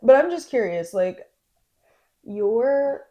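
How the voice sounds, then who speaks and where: A woman's voice: fairly high pitch, lively intonation, takes it slowly, dark tone, highs cut off. A young woman, a teacher co-hosting a podcast, chatting playfully and stumbling over her words. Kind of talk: casual chat.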